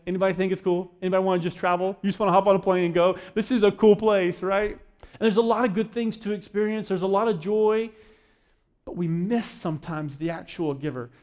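A middle-aged man preaching a sermon in a casual, conversational way, often checking in with a quick "right?". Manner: conversational, keeps asking the crowd "right?"; acts out quoted voices, dropping softer and lower. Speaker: pastor.

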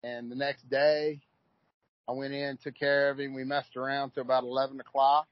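A man's voice: mid-range voice, moderate pace, dry recording. Kentucky-twanged man, folksy storyteller. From Louisville, Kentucky. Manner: relaxed storyteller, folksy, repeats words. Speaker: racehorse trainer. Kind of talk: casual interview chat. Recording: dull lo-fi audio, dry.

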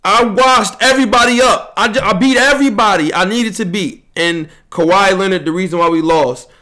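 A young man hosting a podcast, talking fast and heatedly, bragging and ribbing his friends in casual slang-heavy chat. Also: high-pitched, bright, forceful tone. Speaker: podcast host.

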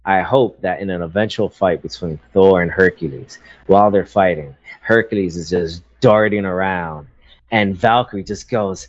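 Low-voiced hesitant man, dull sound. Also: moderate pace. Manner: hesitant, many fillers and restarts. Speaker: podcast co-host. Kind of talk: casual chat.

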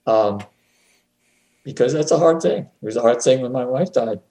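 A man chatting as a guest on a talk show, often chuckling and repeating words when he gets excited. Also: medium pitch, moderate pace. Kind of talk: casual conversation. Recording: roomy echo.

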